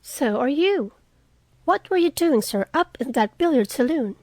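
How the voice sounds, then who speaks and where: A woman's voice: high voice, lively intonation, measured pace, darkish tone, no echo, pitched above the performer's own voice. A woman voicing a frank, spirited young woman in an audiobook reading, earnest and outspoken.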